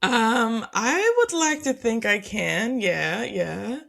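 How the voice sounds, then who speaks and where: A woman's voice: a little high, animated, takes it slowly, gravelly, fairly bright tone. A woman co-hosting a casual podcast chat, laughing often and talking with plenty of fillers. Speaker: podcast co-host.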